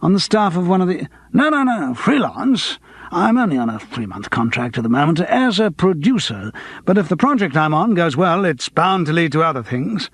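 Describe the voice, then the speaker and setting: A man voicing an effusive television producer who talks in halting bursts. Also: fairly high pitch, very animated, breathy edge, no room sound, pitched above the performer's own voice, full character voice. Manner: effusive, halting, full of ums.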